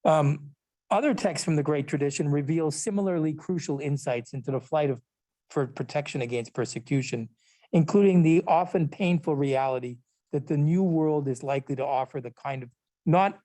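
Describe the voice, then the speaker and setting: The speaker is a literature and law professor delivering a recorded lecture from a prepared text, with small asides and self-corrections along the way. His voice is mellow and sits on the high side.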